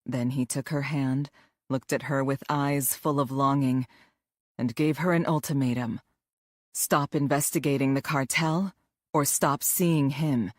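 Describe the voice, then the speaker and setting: Woman, audiobook narration, measured and even, low voice, dry close sound. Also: no echo.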